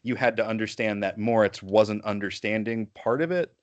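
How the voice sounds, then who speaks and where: Male podcast host, lowish voice, rambling and self-correcting. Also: fairly even intonation, normal speed. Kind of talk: casual chat.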